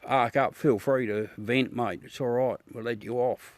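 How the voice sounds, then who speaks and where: This livestream host, a middle-aged Australian man, keeps up a casual, blunt chat with viewers, full of swearing and calls of mate. He speaks at normal speed in a steady, medium-pitched voice, recorded dry.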